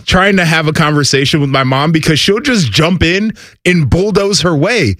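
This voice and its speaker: A man co-hosts a casual chat with a slightly high, lively voice. He laughs often and chimes in with quick agreement. The sound is dry and close. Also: no room sound. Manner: quick affirmations and frequent laughter. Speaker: podcast co-host.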